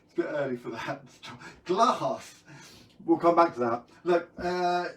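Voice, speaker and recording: A man's voice: a little high, normal speed, reverberant, far from the mic, rough recording. Playful man telling a kids' story. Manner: playful, jokey, quizzes the viewers. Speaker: children's storyteller. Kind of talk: live-streamed story time for kids.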